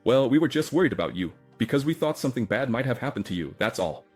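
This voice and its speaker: A man voicing a serious, gentle young wife, who speaks in a soft, earnest way. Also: mid-range voice, sing-song, fast talker, husky, soft background music, pitched above the performer's own voice. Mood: tender.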